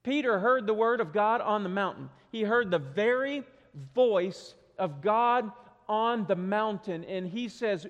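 A man's voice: high voice, lively intonation, unhurried, dull audio. A man preaching a sermon, earnest and emphatic, repeating key phrases to drive them home. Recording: reverberant hall.

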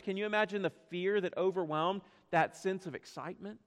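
A man's voice: high-pitched, brisk. A man preaching a sermon as pastor, earnest, with rhetorical questions, swelling and dropping his voice. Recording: long hall reverb.

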